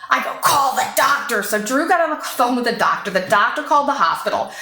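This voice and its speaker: A woman in her thirties tells a personal story in an easy, animated way, swearing often and putting on the voices of the people she quotes. Her voice is bright and fairly high. The room around her is echoey. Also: fast, soft background music. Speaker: podcast guest. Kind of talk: casual storytelling chat.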